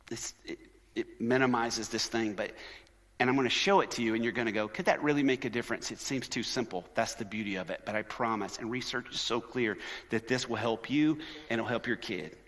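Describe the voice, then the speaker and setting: Male conference speaker, lively sermon delivery that acts out voices, recorded in a big reverberant hall. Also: medium pitch. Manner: animated, conversational, shifts into quoted voices. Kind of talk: sermon-style talk.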